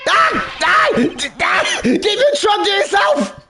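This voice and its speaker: A man voicing an excitable young thief girl in a game dub, yelping and shrill. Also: extremely slow, over loud music, heavily acted. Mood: indignant.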